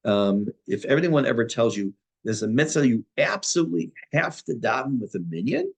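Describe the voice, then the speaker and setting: A man teaches as a rabbi in a relaxed, conversational class. He reads short Hebrew lines and then explains them in plain everyday English. His voice sits at an ordinary middle pitch. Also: moderate pace, vocal fry, breathy edge. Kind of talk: spoken Torah class on prayer.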